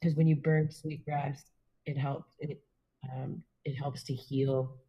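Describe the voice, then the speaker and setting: Soft-spoken husky woman. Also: low-pitched, little pitch movement, takes it slowly, dull audio. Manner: gentle, reflective, with fillers. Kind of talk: casual spiritual chat.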